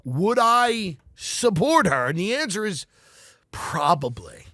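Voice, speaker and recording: Lively, bright-voiced male comedy podcaster. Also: high-pitched, slow, no room sound, studio quality. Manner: animated, riffing, acts out imagined speeches. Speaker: podcast host. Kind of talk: comedic monologue with impressions.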